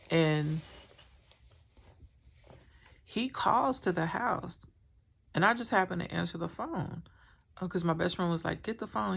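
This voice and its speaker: A woman's voice: fairly low pitch, vocal fry. A woman telling a painful personal story to camera, candid and rambling, with many fillers and a strained, emotional tone. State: emotional, recounting trauma.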